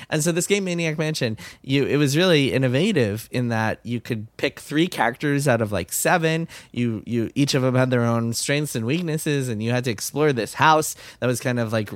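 A man's voice: mid-range voice, dry recording. A man co-hosting a podcast, explaining game history in casual chat with frequent fillers. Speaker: podcast co-host.

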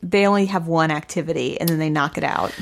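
A woman with a somewhat low voice co-hosting a podcast. She recaps events in a steady, methodical way in casual chat. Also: quick pace, vocal fry. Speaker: podcast co-host.

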